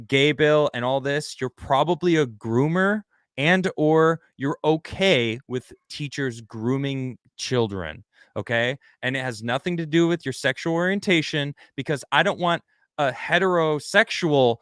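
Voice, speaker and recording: A male host speaks in a bright, forceful voice, heated and ranting as he comments. His delivery is full of quick restarts. The sound is dry and close, with no room around it. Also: a little high, dry recording. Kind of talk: casual commentary chat.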